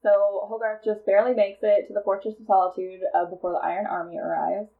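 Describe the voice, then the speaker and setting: A woman co-hosting a comedy podcast, casually pitching a movie plot with lots of fillers and frequent laughter. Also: flat delivery, fast talker, gravelly, narrow, tinny audio. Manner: rambling storyteller, laughs often, many fillers.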